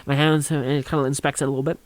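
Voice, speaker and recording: A man's voice: medium pitch, level tone, racing, no room sound. A young man telling a rambling, funny story on a college radio show, acting out quotes and laughing along.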